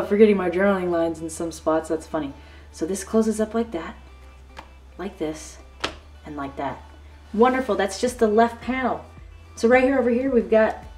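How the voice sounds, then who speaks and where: A woman's voice: mid-range voice, darkish tone. A woman hosting a crafting tutorial, gushing and chatty as she shows off her work in a casual demonstration. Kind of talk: casual show-and-tell demonstration. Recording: slightly distant mic with faint background music.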